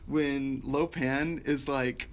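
A man in casual chat about a movie, excitedly quoting favorite lines and laughing. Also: medium pitch, extremely slow. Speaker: podcast co-host.

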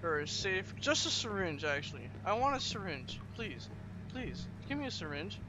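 A man's voice: sits high, moderate pace. A young man hosting a horror game playthrough, jumpy and emotive as he talks while he plays, on a home setup late at night. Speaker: gaming video host. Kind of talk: horror let's play commentary. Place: home room, gaming at night. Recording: dull lo-fi mic with steady noise.

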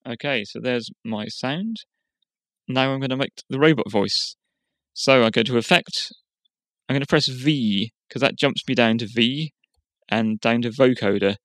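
Man explaining software, dry close sound. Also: mid-range voice, measured pace, no room sound. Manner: plain, explanatory, step by step. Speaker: tutorial host. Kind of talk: software tutorial narration. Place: quiet room.

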